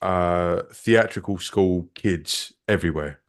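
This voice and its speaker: A man's voice: sits low, slow pace. A man from southern England on a live chat show, telling a story casually, with swearing and voices acted out. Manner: lively storyteller who acts out other people's voices. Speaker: co-host.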